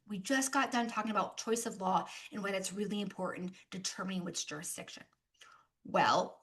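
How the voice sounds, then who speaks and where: A young American woman giving an animated business presentation, mixing practical points with playful travel stories. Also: fairly high pitch. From United States. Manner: lively, animated storytelling with playful asides. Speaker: speaker at a business session. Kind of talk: presentation talk.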